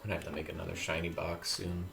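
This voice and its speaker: A man's voice: deep voice, completely flat delivery, very fast, gravelly, a bit bright, soft background music. A man streaming a game, chatting casually and joking while he plays. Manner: laid-back, joking, talks to himself while playing. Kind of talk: casual gaming chat.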